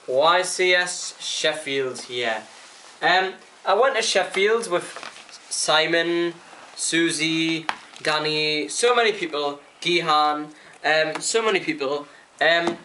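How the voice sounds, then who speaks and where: A young man, chatting excitedly through a casual vlog recap, full of fillers and acted-out quotes. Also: on the high side, slight background noise. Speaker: card game player reviewing a tournament.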